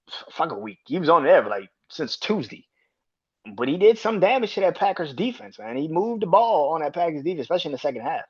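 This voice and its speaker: A man hosting a casual sports podcast, swearing freely and laughing between rapid opinions. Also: fairly high pitch. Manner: profane, animated, laughs often. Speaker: podcast host. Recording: dull lo-fi sound.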